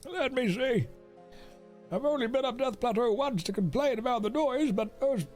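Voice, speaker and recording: A man's voice: extremely high pitch, normal speed, a little mellow, soft background music, pitched above the performer's own voice. A man voicing a grumpy, reclusive old hermit who complains in a whiny, peevish way. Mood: grumbling.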